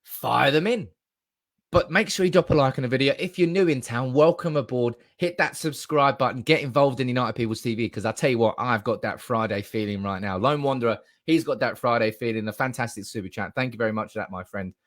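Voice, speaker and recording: Excitable man live streaming. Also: medium pitch, a little fast. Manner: animated, swearing, reading comments aloud, bursts of excited shouting. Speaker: football fan live streamer.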